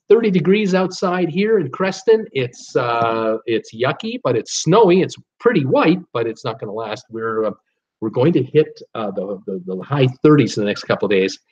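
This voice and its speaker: A man's voice: medium pitch, darkish tone. A man hosting a live online show, rambling casually with many fillers and reading viewers' comments aloud. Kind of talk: casual live-stream chat. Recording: dull lo-fi stream audio.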